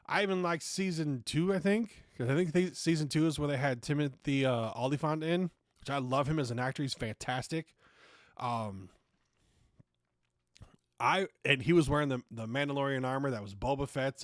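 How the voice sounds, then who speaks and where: A man hosts a podcast, ranting casually and sarcastically, swearing freely and frequently restarting sentences. His medium-pitched voice moves at a moderate pace, recorded dry with clean studio sound.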